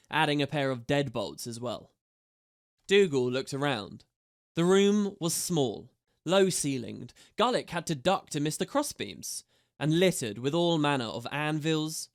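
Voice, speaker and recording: Man narrating an audiobook, pitched a little high. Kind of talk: audiobook reading.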